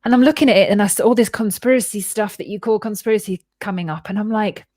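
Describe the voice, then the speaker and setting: A woman's voice: medium pitch, fast talker, dry recording, studio quality. A woman hosting a podcast, telling a personal story in a casual, candid way and acting out the voices she quotes. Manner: animated and candid, swears freely, acts out quoted voices. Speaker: podcast host.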